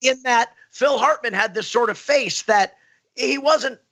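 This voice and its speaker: A man voice actor telling stories in casual podcast chat, with a distinctive prickly voice and animated asides. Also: very high-pitched, creaky. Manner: animated storyteller, quick asides.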